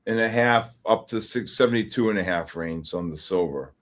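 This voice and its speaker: A man's voice: lowish voice, moderate pace. A man hosting a live futures trading stream, chatting casually and coaching viewers by name as the markets move. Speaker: futures trading livestream host.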